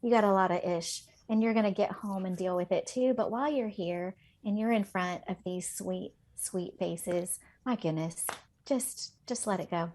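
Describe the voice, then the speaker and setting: A woman teacher shares heartfelt classroom stories in a loose, chatty way. She often pauses with "um" and "you know". Her voice is mid-range. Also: medium pitch, darkish tone, a little hiss or hum. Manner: heartfelt storyteller, many fillers. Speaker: elementary teacher, podcast co-host. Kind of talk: casual podcast chat.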